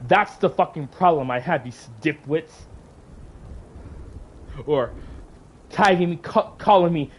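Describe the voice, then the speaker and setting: A man's voice: a little high, expressive, a little slow, long pauses. A man hosting a livestream, ranting angrily with heavy profanity and frequent sighs. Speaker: channel host. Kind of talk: livestream rant.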